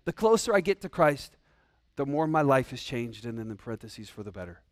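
A man preaching a sermon to his congregation in a lively, conversational way, full of rhetorical questions. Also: mid-range voice, fairly quick, dry recording, studio quality. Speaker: pastor. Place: church sanctuary.

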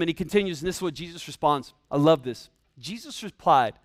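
A man delivers a sermon as a pastor, talking to his listeners in an easygoing, joking way full of slang asides. His voice sits high for a man. The sound is close and dry. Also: fast talker, few pauses, no echo. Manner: casual, humorous preaching with slang asides.

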